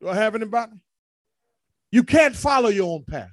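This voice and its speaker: High-voiced man preaching a sermon. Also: expressive, a little fast, long pauses, no room sound. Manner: preaching with call-and-response, rising to shouts. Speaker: pastor.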